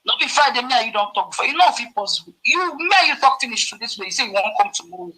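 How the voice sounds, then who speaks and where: A woman with a Nigerian Pidgin accent, casually telling a story to her viewers and acting out the dialogue with sudden leaps in pitch. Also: lively intonation, racing, pushed and bright, rough recording. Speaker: vlogger.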